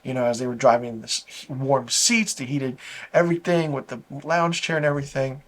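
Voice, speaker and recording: A man hosting a casual video review, talking through an episode in a loose, rambling way. His speaking pitch sits in a middle range for a man. He sounds enthusiastic and keeps stringing thoughts together with fillers. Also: steady tone, a little fast, a bit bright. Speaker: TV episode reviewer, channel host.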